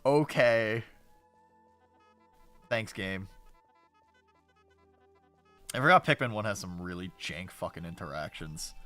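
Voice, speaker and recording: A man's voice: low-pitched, slow pace, pauses often, pushed and bright, faint music behind. A male streamer giving casual, rambling gameplay commentary, sarcastic and swearing often.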